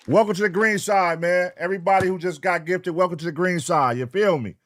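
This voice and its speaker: A man's voice: high voice, fairly quick, few pauses, fairly bright tone, some chatter behind. A young man hosting a late-night livestream, loose and profane, calling out chat names in a sing-song way. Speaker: livestream reaction host. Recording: faint hip hop music behind. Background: faint hip hop music.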